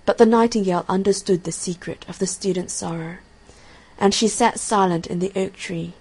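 Softly measured woman reading a fairy tale. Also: medium pitch, fairly even intonation, husky. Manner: soft, measured narration, quieter than the dialogue. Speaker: narrator. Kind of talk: storybook reading.

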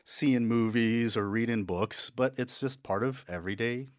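A man's voice: mid-range voice, normal speed, dry recording, studio quality. A man co-hosting a radio podcast in casual banter, loose and joking, often restarting his sentences. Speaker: radio show co-host. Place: radio studio.

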